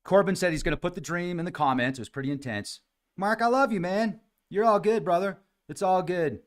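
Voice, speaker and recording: A man's voice: high-pitched, brisk. A man hosting a podcast livestream, chatting casually, reading viewer comments aloud and addressing people by name. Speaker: podcast host reading live chat comments.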